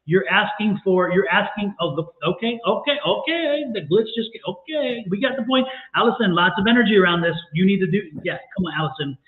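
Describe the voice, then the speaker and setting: A fairly high-voiced man gives tarot readings on a live stream, coaxing and exclaiming as he repeats his points. His voice comes through a thin, phone-like line from an echoey room. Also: fairly quick, hardly any pauses. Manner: energetic, exclamatory, coaxing and repetitive. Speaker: tarot reader and co-host.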